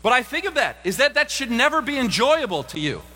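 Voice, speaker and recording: A middle-aged man preaching a sermon as pastor, animated and acting out voices in the stories he tells. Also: fairly quick. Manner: animated, acts out quoted voices with big pitch jumps. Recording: long reverb of a large room.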